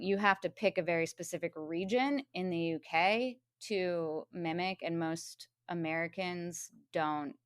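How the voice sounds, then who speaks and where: A woman's voice: lowish voice, no echo, studio quality. Opinionated woman co-hosting a film podcast. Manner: opinionated, laughs between points. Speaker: podcast co-host. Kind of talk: casual film review chat.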